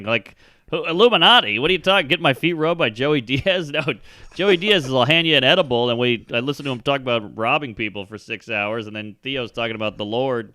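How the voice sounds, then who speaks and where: A man comedian chatting as a guest, firing off crude, animated jokes. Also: a little high, smooth, dry recording, clean studio sound. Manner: fast, crude, animated punchlines. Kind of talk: casual chat.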